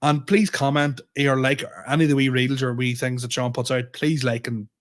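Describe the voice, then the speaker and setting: A man's voice: mid-range voice, little pitch movement, moderate pace. A man co-hosting a comedy podcast, telling rambling, sweary anecdotes full of restarts. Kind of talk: casual storytelling chat.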